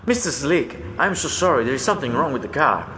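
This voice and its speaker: A man's voice: a little high, animated, fast, pushed and bright. Man playing apologetic young woman, polite, lifted voice, echoey room. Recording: roomy echo, faint noise.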